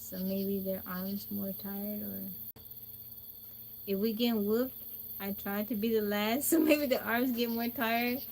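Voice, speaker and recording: A woman hosting a phone livestream, telling a childhood story to her chat in a chatty, animated way with laughs. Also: medium pitch, slow pace, a little hiss or hum. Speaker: livestream host. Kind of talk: casual storytelling to a live chat. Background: crickets and insects.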